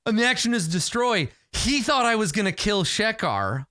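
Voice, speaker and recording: Animated man narrating a solo game. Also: high-pitched, moderate pace, dry recording, clean studio sound. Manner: rambling, animated, self-amused with fillers.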